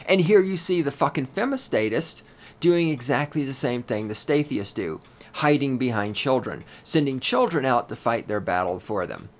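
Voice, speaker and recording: A man hosting his own podcast in a solo rant, swearing heavily and talking in a loud, heated way. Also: lively intonation, moderate pace. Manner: profane, ranting, heavy swearing; loud and heated, then lower and grumbling. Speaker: podcast host.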